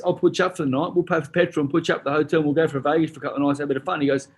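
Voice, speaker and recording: Australian guy, rapid-fire husky storyteller, cusses and does the voices. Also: on the high side. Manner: animated, swears freely, acts out voices in his stories. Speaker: guest, retired boxer. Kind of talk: casual storytelling.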